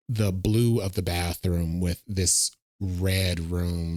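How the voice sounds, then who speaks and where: A man's voice: fairly low pitch, darkish tone, no room sound, studio quality. A man casually reacting to a movie trailer, thinking aloud and talking to his viewers. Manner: chatty, thinks aloud, addresses viewers as y'all.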